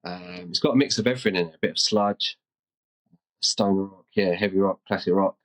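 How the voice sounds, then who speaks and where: A man's voice: sits low, fairly quick, poor audio. A man, a musician guest, answering in a laid-back, hesitant way with many ums. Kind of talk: casual interview answers.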